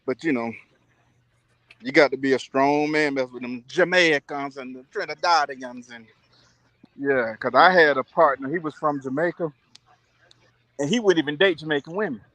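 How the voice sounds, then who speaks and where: A man with a fairly high voice chats casually, laughing often as he tells his stories. He mimics his friends in a squeaky voice. The sound is close and dry. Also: normal speed, pauses often, a bit bright, no room sound. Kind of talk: casual chat.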